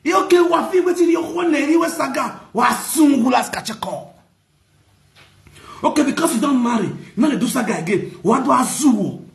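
Loud, mocking Nigerian man, very high voice, ranting gossip vlogger in an echoey room. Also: lively intonation, moderate pace, creaky. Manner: loud, mocking, bursts into shouts and laughter.

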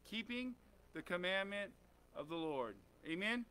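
A man's voice: sits high, animated, a little slow, bright, forceful tone, clean tone. A man preaching a conversational sermon in a church, often asking the congregation questions and saying "amen.". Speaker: pastor.

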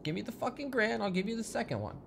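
A man's voice: high voice, big pitch swings, fast talker, vocal fry, background noise. A man role-playing a swaggering, profane street tough in a video game. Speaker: streamer role-playing a gun dealer. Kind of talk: in-character role-play banter.

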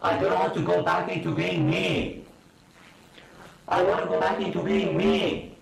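A man's voice: sits high, unhurried, voice pushed down, heavily acted. A man voicing a panicky young man turned into a game creature, his voice distorted. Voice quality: distorted, gravelly. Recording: echoey from far off with crowd noise.

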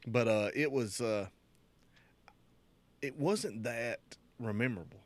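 A man's voice: medium pitch, slow. A man in his thirties co-hosting a casual podcast chat, joking and laughing often. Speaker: podcast co-host.

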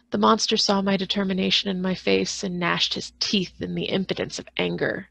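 Gravelly-voiced librarian reading aloud. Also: female voice, mid-range voice, fairly quick, hardly any pauses, no echo. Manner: steady reading with occasional restarts on hard words. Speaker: school librarian.

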